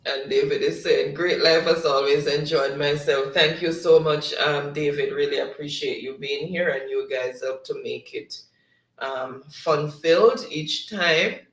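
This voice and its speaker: Laughing Jamaican host reading chat aloud. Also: male voice, on the high side, steady tone, unhurried, a bit bright, recorded from a distance. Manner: reads comments aloud, laughs often. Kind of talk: casual livestream chat. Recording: echoey room, off-mic.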